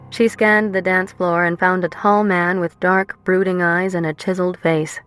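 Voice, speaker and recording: Low-voiced woman reading a romance. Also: flat delivery, normal speed, hardly any pauses, a bit bright, smooth, dry recording, soft background music. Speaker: audiobook narrator. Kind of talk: scripted narration.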